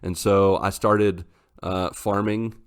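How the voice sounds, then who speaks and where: A man co-hosting a casual podcast, telling a long rambling story in a lively way. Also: sits low, slow, smooth. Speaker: podcast host.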